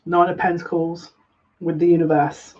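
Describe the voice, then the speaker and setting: With a flat delivery at a moderate pace, the medium-pitched tarot reader works through a casual live reading. "Yeah, look." comes up constantly among other repeated phrases, while incense is lit in the home room and the lo-fi recording sounds dull with faint noise.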